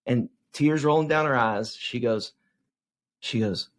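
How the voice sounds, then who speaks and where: A man in his forties, a youth evangelist, answering interview questions as an animated storyteller who keeps checking in with "right?". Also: medium pitch, a little slow.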